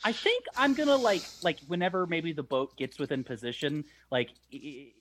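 A man's voice: on the high side, moderate pace, fairly bright tone, a little hiss or hum. A man playing a tabletop game, talking casually and rambling with many likes. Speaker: player.

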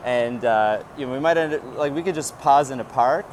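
A man's voice: mid-range voice, brisk. A Canadian man hosting a walking interview on a city street, rambling with many fillers and slightly out of breath. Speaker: podcast host. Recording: faint traffic noise outdoors.

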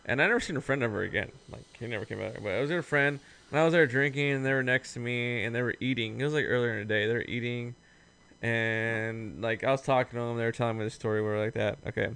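A man's voice: mid-range voice, quick pace, creaky, bright, forceful tone, clean tone. A man in his late twenties telling a long, rambling, profane story to friends in casual chat, acting out what people said. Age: late 20s. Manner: rambling, profane anecdote with acted-out quotes.

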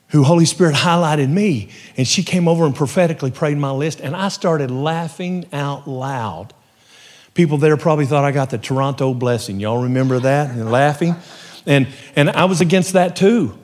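Preacher with hall reverb. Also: male voice, fairly high pitch, moderate pace. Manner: storytelling, swings from hushed to rising fervor. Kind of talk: sermon with personal testimony.

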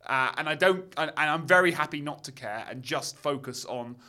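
Ranting man, bright voice. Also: on the high side, brisk. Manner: animated, ranting, many fillers and restarts. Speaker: podcast co-host, film critic. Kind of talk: casual film discussion.

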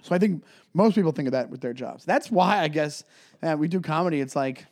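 A young male comedian co-hosting a podcast, chatting in a relaxed, rambling way. He often trips over his words and repeats himself, in a voice a little higher than most men's. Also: fairly quick. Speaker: podcast co-host. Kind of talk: casual chat.

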